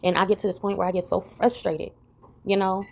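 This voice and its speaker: A woman's voice: little pitch movement, a little fast. A woman talking reflectively in a personal vlog, rambling and full of "you know" fillers. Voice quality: gravelly low voice. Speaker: vlogger.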